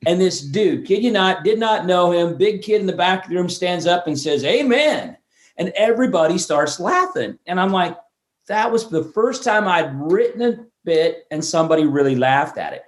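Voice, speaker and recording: A man in his fifties, a guest on an interview show, telling stories in a lively way and often restarting words mid-sentence. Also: high voice, normal speed. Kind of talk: storytelling interview chat. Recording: roomy echo.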